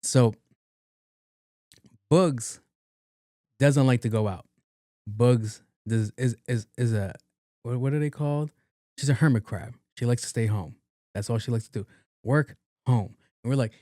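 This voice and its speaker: A man's voice: mid-range voice, a little slow, long pauses, a little mellow, no echo. Podcast host, male, loose profane storyteller, dry close sound. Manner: casual, profane, acts out the voices in his stories. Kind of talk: casual storytelling.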